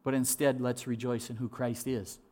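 A male pastor preaching a sermon in an animated way, acting out voices and repeating words as he restarts. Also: mid-range voice, moderate pace.

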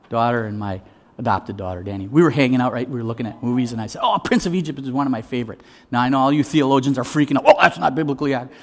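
This sermon comes from a middle-aged man serving as pastor, with a medium-pitched voice. His delivery moves from loud, lively stories to quiet, slow emphasis.

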